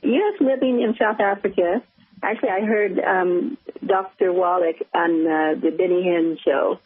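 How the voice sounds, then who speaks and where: A woman's voice: on the low side, steady tone, a little slow, breathy edge. An American woman calling in to a radio show, hesitant and full of fillers. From United States. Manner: hesitant, many fillers and restarts. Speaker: caller. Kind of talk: phone-in call. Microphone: telephone. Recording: thin phone line on radio.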